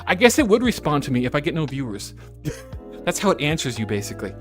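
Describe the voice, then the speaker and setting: Woman streamer, casual chat: giggly and chatty, voice leaping up and down, soft music under it. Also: deep voice, big pitch swings, fast. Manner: giggly, chatty, self-correcting asides. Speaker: VTuber streamer. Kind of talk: casual live-stream chat, reading chat messages.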